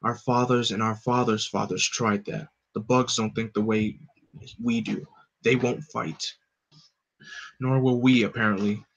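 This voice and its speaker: A man voicing hushed insect-like rebels plotting in low voices, on a slightly dull recording. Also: level tone, a little slow, creaky.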